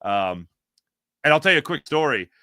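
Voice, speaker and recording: Bright-voiced man telling stories. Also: fairly high pitch, moderate pace, no room sound, clean studio sound. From Philadelphia. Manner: excited storytelling, animated. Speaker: guest. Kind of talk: casual chat.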